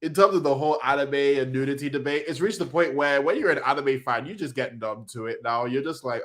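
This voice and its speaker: A man hosting a casual manga reaction, reading panels aloud in an excitable, slangy way. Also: fairly high pitch, brisk, few pauses.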